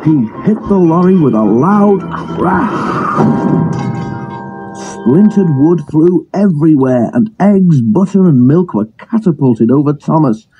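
A man narrating a children's railway story in a steady, measured reading, recorded on an old phone. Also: a little high, highs cut off. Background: music.

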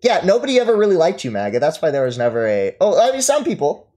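This streamer's voice is a little high and darkish in tone, with wildly swooping pitch and a quick pace. Reading and answering chat, he rants, mocks his target, taunts them and laughs.

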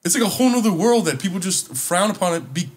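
A man co-hosting a casual podcast chat, telling animated stories that get loud when he is worked up. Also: high voice, quick pace, husky, faint music behind. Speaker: podcast co-host.

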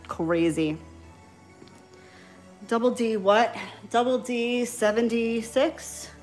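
A woman's voice: fairly high pitch, takes it slowly, darkish tone, faint music behind. A woman in her thirties with a New York accent, chatting on a live stream while painting nail swatches, a little tipsy from wine and easily distracted. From New York, Long Island. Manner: chatty, scattered, giggly. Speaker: nail beauty YouTuber.

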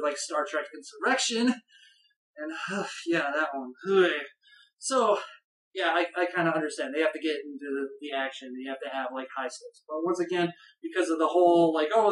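Casual film review, conversational, rambling, bursts of excitement, echoey room, distant mic. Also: medium pitch. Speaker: movie reviewer. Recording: roomy echo, voice far from the mic.

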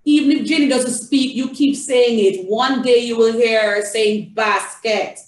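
A woman's voice: fairly high pitch, measured pace, darkish tone, reverberant, far from the mic, rough recording. A woman with a Jamaican accent, an early childhood educator, shows parents how to read a storybook to a small child in a sing-song, coaxing way. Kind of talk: demonstrating reading a storybook to a toddler.

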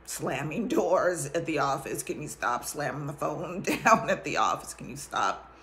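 A woman voicing God as a patient, mildly scolding fatherly voice in her own low tone. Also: animated, a little slow, fairly bright tone, full character voice. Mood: gently chiding.

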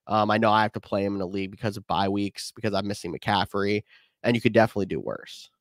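A man's voice: on the low side, fast talker, no echo, clean studio sound. A man co-hosting a casual fantasy football podcast, giving opinions while thinking aloud. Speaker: podcast co-host.

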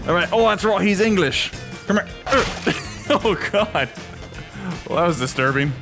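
Excitable male gamer, high and bouncy, commentating over game music. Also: measured pace. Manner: excitable, chatty, laughs often. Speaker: gaming YouTuber. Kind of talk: gameplay commentary.

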